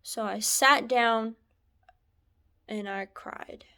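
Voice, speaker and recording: This is a woman telling a painful personal story straight to the camera. Her voice sits a little high and she speaks slowly, with halting pauses. At times it sinks to a near whisper. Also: steady tone, clean tone. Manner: halting, soft-spoken, drops to whispers at times. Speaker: vlogger sharing a personal story. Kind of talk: emotional personal testimony.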